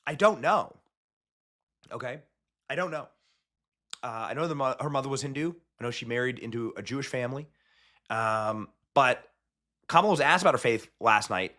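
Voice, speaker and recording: A man's voice: medium pitch, lively intonation, normal speed, long pauses, pushed and bright. A man hosting a commentary show, ranting in a mocking, emphatic way. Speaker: host. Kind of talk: political commentary.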